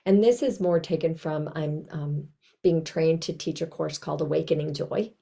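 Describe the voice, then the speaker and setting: A woman with a heavily gravelly, low and mellow voice gives a conversational trauma training talk over a video call. She speaks gently and reflectively, slipping into soft, kind self-talk asides. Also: normal speed.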